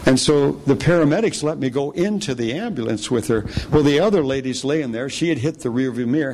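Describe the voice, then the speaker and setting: A man preacher telling a personal testimony in a sermon, animated storytelling that slips into the voices of the people in his story. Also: vocal fry, slight background noise. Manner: storytelling, acts out quoted voices with pitch jumps.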